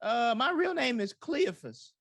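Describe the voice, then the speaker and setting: A man with a high and very lively voice role-plays his character at a game table. He talks in a folksy, drawling, chatty way. The sound is dry. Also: a little slow, no echo. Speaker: player.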